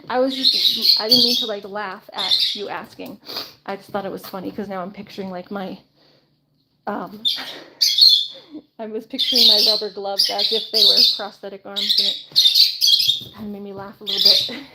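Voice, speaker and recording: Chatty livestreamer woman, giggly, loud background noise and chirping birds. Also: medium pitch, steady tone, normal speed, long pauses. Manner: chatty, giggly, baby-talks to her pet birds. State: briefly out of breath. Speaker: vlogger chatting with live viewers. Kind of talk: casual live-stream chat.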